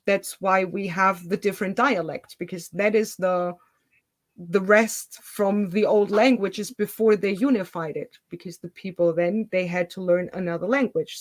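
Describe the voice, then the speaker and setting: A woman's voice: medium pitch, normal speed, a little mellow, no echo. A woman with a Swabian German accent, a non-native English speaker, explaining things at length as the host of a casual video-call chat. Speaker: channel host.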